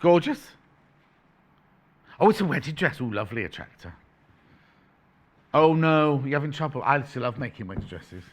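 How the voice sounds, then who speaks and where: A man's voice: mid-range voice, sing-song, normal speed, long pauses. A man presenting on a shopping channel, chatting playfully in live sales patter, correcting himself and reading out prices as he goes.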